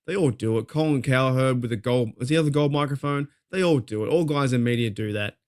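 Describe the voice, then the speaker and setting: A man's voice: mid-range voice, fairly quick, darkish tone. A man with an Australian accent hosting a casual fan talk show, fired up and rambling, swearing freely as he vents. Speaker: podcast host.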